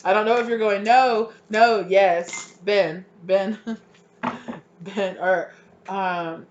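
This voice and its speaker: A tarot reader giving a casual pick-a-card reading, rambling with lots of filler likes and sudden excited bursts. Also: medium pitch, slow pace, highs cut off, slight background noise.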